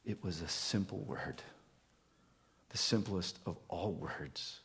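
A man preaching a sermon at an unhurried pace, his voice sitting somewhat low. He moves between earnest emphasis and hushed, near-whispered passages, as a pastor speaking to his congregation.

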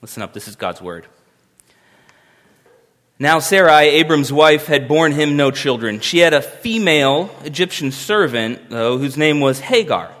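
This preacher's voice sits on the high side and sounds fairly bright. He speaks a little slowly but expressively, keeping things conversational and emphatic with a touch of wry humor, and the recording has a long hall reverb.

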